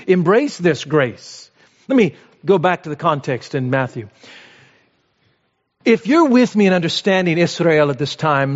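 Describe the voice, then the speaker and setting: A man preaching a sermon in an emphatic style, repeating phrases for emphasis and swinging between raised exhortation and low, quiet lines. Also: long reverb tail, lo-fi sound.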